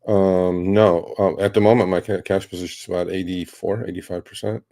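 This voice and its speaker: A man's voice sits very low, with a dark, mellow tone. He talks in a blunt, rambling way, restarting sentences and swearing as he answers viewers in a casual live stream. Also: steady tone, fairly quick. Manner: blunt, rambling, profane, mocks reckless traders. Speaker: host answering viewer questions on trading.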